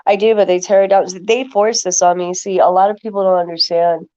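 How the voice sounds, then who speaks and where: Her mid-range voice is steady, a little fast, and dark, and the audio sounds dull. Streaming to her viewers, she rambles loosely and uses lots of filler words while answering chat.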